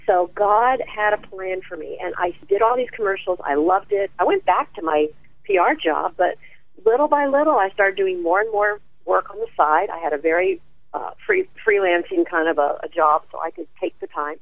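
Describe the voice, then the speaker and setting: A woman tells her own story as an interview guest, animated and quick to laugh. Her voice comes through a thin, phone-like line. The sound is dry and close, with no room echo. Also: medium pitch. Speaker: guest, actress and speaker.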